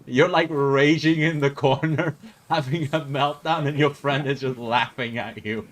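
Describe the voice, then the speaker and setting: A male streamer chatting casually and reacting with frequent laughter while watching a video. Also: mid-range voice.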